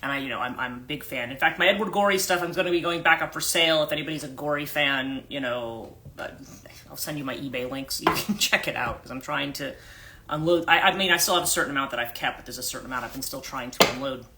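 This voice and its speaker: A woman's voice: very deep voice, quick pace, very noisy. A woman who works as a life coach, retelling a story in a rambling, casual livestream chat with many restarts and self-corrections.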